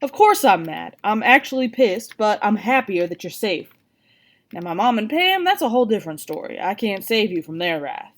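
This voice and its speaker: A woman's voice: medium pitch, sing-song, moderate pace. A firm detective uncle, read by a woman. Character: detective uncle, relieved and stern.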